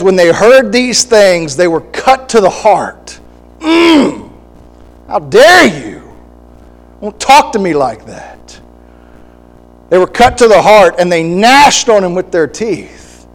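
A man preaching a sermon, animated and acting out quoted voices, with short laughs between points. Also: high-pitched, poor audio.

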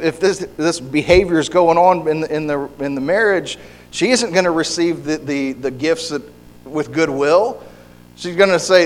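A man preaching a sermon in a conversational way, often repeating words and briefly acting out the people he quotes. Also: on the high side. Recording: hall reverb.

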